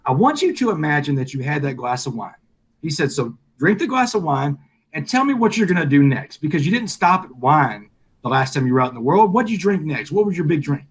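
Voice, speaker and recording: Middle-aged male guest, husky, slightly high voice, animated storyteller. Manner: animated storyteller, acts out quoted dialogue. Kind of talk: storytelling in a live interview.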